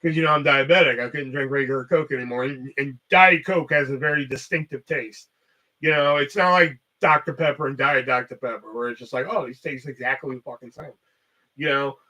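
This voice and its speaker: Bright-voiced man ranting casually. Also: mid-range voice, a little fast. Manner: rambling, heavy swearing. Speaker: host. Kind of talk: casual livestream chat.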